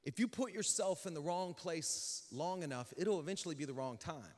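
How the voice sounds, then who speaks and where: A male pastor telling a story in a sermon, animated and acting out dialogue with sudden shouts. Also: fairly high pitch, normal speed. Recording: long hall reverb.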